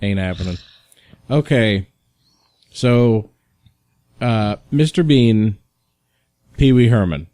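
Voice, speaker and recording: A man co-hosting a casual podcast chat, flatly correcting the others. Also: on the low side, takes it slowly, long pauses, no echo. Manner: dry, correcting, exasperated. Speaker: podcast co-host.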